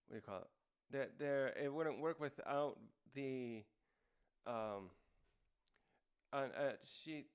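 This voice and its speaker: Smooth-voiced man rambling through a recap. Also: mid-range voice. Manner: rambling, many fillers and restarts. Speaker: manga review host. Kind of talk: casual recap commentary.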